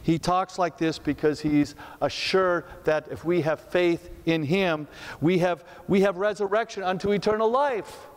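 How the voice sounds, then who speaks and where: Male pastor, slightly high voice, chatty preaching full of rhetorical questions, long sanctuary reverb. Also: measured pace. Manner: conversational, asks rhetorical questions, repeats words. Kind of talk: sermon. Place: church sanctuary.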